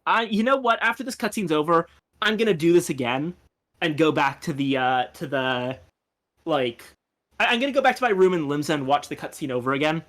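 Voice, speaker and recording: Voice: mid-range voice, expressive, brisk, a bit bright. A game streamer chatting casually and explaining things while playing, with chatty asides. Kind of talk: casual let's-play commentary.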